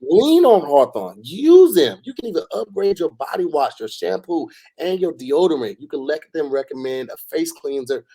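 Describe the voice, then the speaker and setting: A man co-hosting a casual podcast, reading a sponsor ad and chatting, hyping with slang and rising shouts. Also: on the high side, a little fast, vocal fry, hardly any pauses, husky. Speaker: podcast co-host. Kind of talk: casual podcast ad read and chat.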